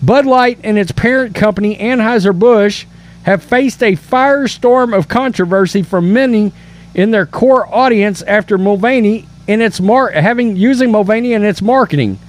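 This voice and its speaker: A man's voice: high voice, moderate pace. A man hosting a political commentary show, reading news aloud and reacting with emphatic indignation and stammered restarts.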